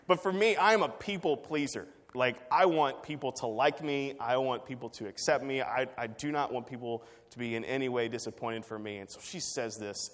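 A man's voice: medium pitch, moderate pace, hardly any pauses, fairly bright tone, big-room sound. A man preaching a sermon, telling a personal story in a conversational way with fillers and restarts. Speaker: pastor.

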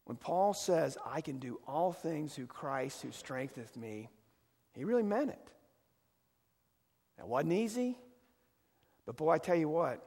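A man preaches a sermon in a folksy manner that swells into emphatic calls. His voice is gravelly and a little husky, set slightly high for a man. A long reverb from the sanctuary trails each phrase. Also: darkish tone. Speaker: pastor.

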